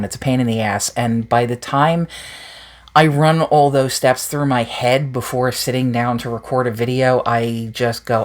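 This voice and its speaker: A woman's voice: extremely low pitch, steady tone, moderate pace. A woman hosting a paranormal channel, chatting casually and candidly with viewers in a rambling, self-deprecating way. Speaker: paranormal YouTube channel host. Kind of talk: casual direct-to-viewer chat.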